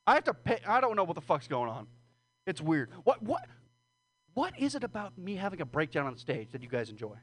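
A man's voice: a little high, huge pitch swings, fairly quick, fairly bright tone. A man doing a rambling, profane, self-deprecating stand-up set at an open mic. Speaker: stand-up comedian. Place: small comedy room with audience.

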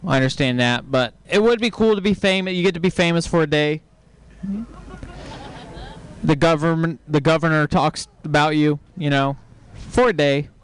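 A man from Texas doing stand-up, delivering deadpan one-liners and breaking into sudden shouts. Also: a little high, moderate pace, smooth. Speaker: stand-up comedian. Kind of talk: stand-up comedy set.

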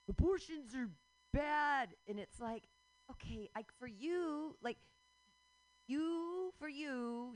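A woman's voice: on the high side, poor audio. A woman in her forties hosting a radio show, ranting casually with swearing and frequent laughs. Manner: animated, swearing, laughs often.

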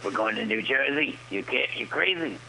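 A man's voice: mid-range voice, lively intonation, normal speed, gravelly, pushed and bright, a little hiss or hum, poor audio. A man co-hosting a casual radio chat, giving short replies and laughing often. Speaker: co-host. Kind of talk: casual movie commentary chat.

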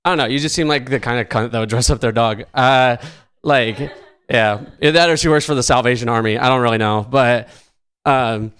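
A man's voice: mid-range voice, fairly quick, fairly bright tone, clean tone. A man doing a rambling, self-mocking stand-up set, filling his lines with likes and chuckles as he goes. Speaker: stand-up comedian.

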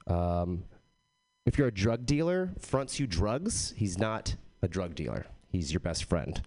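A young man doing a stand-up set in a low, mellow voice. He delivers his jokes deadpan and haltingly, with plenty of ums and uhs. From Texas. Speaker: stand-up comic.

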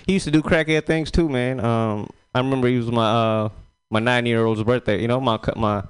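A man's voice: mid-range voice, steady tone, fairly quick, clear, resonant tone. A young man performing an open-mic stand-up set, profane and loose, laughing at his own jokes. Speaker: stand-up comedian.

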